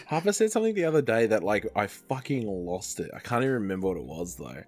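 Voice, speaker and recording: A man's voice: on the low side, fast, soft background music. A man, co-hosting a casual podcast, telling stories with acted-out quotes, frequent laughter and swearing. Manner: animated storyteller, acts out quotes, laughs often, swears. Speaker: podcast co-host. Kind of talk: casual chat.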